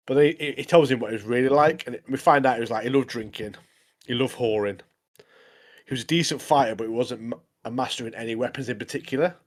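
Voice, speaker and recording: A man's voice: medium pitch, quick pace. A man co-hosting a podcast, joking casually, saying "mate" a lot and laughing often. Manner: jokey, says "mate" constantly, laughs a lot. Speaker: podcast co-host. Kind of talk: casual chat.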